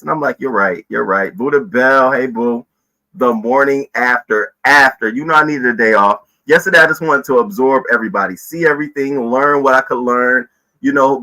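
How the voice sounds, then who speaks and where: Bright-voiced man hosting a casual livestream. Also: medium pitch, rough recording. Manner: chatty, greets viewers by name, often repeats himself. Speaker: host of a live news commentary stream.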